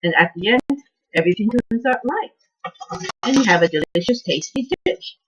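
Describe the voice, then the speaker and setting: Female cooking host, soft-spoken and husky, lively up-and-down pitch, rambling home-kitchen chat. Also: moderate pace, poor audio. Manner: rambling, chatty, trails off with "I don't know". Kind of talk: casual cooking vlog.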